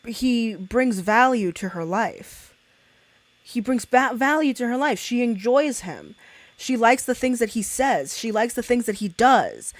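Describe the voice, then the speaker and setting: A woman's voice: a little high, dry recording. A woman livestreamer chatting casually with her viewers, blunt and swearing freely, breaking into a cackling laugh. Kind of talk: casual live-stream reaction chat.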